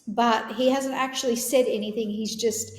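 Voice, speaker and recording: A woman's voice: fairly high pitch, steady tone, normal speed, slight background noise. A woman hosting a podcast, telling a personal story in an earnest, reflective way with many fillers. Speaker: podcast host. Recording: roomy echo.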